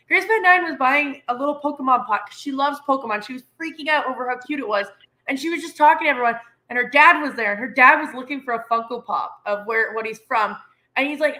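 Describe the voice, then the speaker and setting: Excitable Canadian woman, co-host; bright, tense delivery, acts out quotes. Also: high voice, fast talker. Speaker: podcast co-host. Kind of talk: casual chat.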